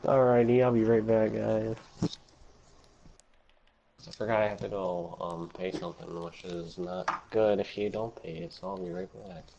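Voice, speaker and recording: A man's voice: lowish voice, expressive, normal speed, vocal fry. A man hosting a casual gaming livestream, laid-back and laughing often, reading chat aloud. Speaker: streamer host. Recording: dull lo-fi stream audio with faint noise.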